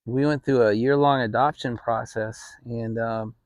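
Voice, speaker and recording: A man's voice: mid-range voice, unhurried, no echo, lo-fi sound. Middle-aged man telling a story casually. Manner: relaxed, rambling, with restarts. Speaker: channel host. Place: home, relaxed fireside setting.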